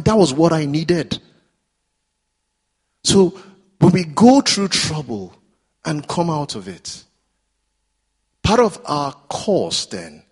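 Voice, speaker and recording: Husky-voiced man preaching a sermon. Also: a little high. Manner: earnest, repetitive exhortation, builds in intensity. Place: church.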